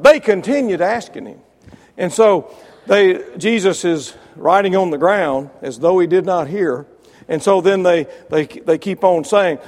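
A man preaching a sermon, building to loud emphatic peaks, then dropping low, with wry asides to listeners by name. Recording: long reverb of a large hall.

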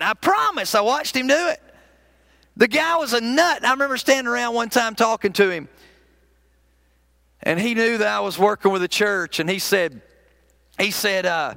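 Male minister, high gravelly voice, bright tone, folksy conversational sermon delivery. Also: dry recording. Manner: folksy, conversational storytelling with frequent restarts. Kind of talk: sermon with storytelling.

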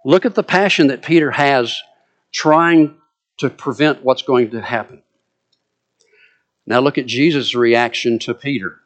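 A man with a Southern US accent preaching a sermon, acting out scripture quotes with lively, dramatic delivery. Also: mid-range voice, measured pace, pauses often. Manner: animated, dramatic quoting of scripture.

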